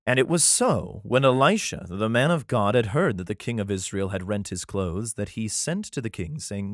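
Low-voiced man swearing through a Bible reading. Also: big pitch swings, moderate pace, few pauses, dry recording, clean studio sound. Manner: profane, sarcastic asides between read passages; reads archaic scripture aloud, stumbling and rereading. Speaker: podcaster reading and commenting on the Bible. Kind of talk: casual irreverent Bible reading with commentary.

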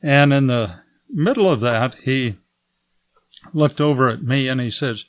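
A man recounts a faith testimony at a slow, unhurried pace, his voice close and dry with no room around it. He chuckles often as he talks and lifts his voice whenever he quotes someone else. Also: mid-range voice, no room sound. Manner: relaxed storyteller who chuckles often and raises his voice when quoting others. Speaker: guest telling a faith testimony. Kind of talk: storytelling testimony.

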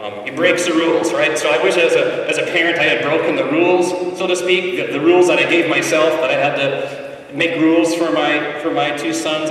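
A middle-aged man preaching a sermon, telling a story, and moving between hushed passages and loud, emphatic ones. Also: medium pitch, recorded from a distance. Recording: echoey hall, mic from afar.

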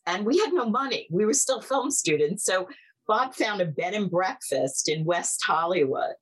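A middle-aged woman, a filmmaker guest, telling stories in a chatty, animated way full of "like". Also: medium pitch, moderate pace, breathy edge, rough recording. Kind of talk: casual storytelling.

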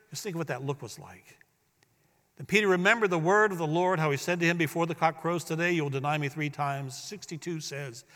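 A man preaching a sermon as pastor, swinging between hushed, drawn-out words and loud, emphatic bursts. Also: high voice. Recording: long hall reverb.

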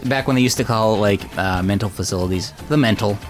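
A man's voice: lowish voice, fairly quick, music in the background. A man in casual chat walks friends through a film's plot. He tells it with animation, often switching into exaggerated voices for the characters. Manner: animated storytelling, acting out lines in exaggerated voices. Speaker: podcast host recapping a film.

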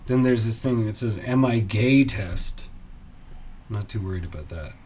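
A man's voice: fairly low pitch, a little slow, darkish tone, husky. A man hosting a solo comedy podcast, musing in a dry, self-mocking way with muttered asides. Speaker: podcast host.

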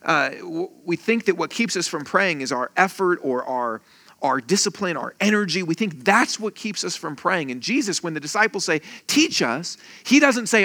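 A man preaching a sermon as pastor, animated and joking, acting out quoted voices in his talk. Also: sits high, normal speed. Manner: animated, acts out quoted voices, jokey asides.

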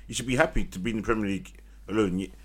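A man's voice: fairly low pitch, rapid-fire, slightly rough. A man ranting about football on a casual podcast, heated and repetitive. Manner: heated, ranting, repeats himself. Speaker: podcast co-host.

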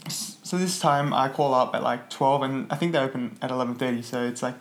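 A man's voice: mid-range voice, fairly quick. A man telling a story on a podcast, laughing often and mimicking the people in it. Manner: laughs often while telling a story, acts out quoted voices. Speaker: podcast co-host. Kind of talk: casual chat.

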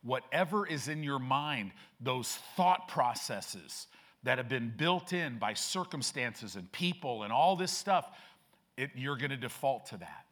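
Slow, forceful-voiced male preacher. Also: medium pitch, animated. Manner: emphatic, repetitive preaching with frequent restarts. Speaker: pastor. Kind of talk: sermon.

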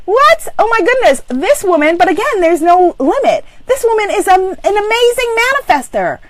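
A woman's voice: very high voice, very animated, normal speed, background noise. A woman leading a live online abundance coaching session, exuberantly affirming and reading out viewers' comments. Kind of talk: live-streamed motivational coaching.

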